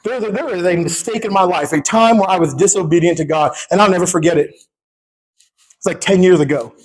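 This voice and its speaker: A man in his thirties, a pastor preaching a sermon, who swings from quiet talk to shouting and acts out the dialogue in his stories. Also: high-pitched, a little fast, rough recording.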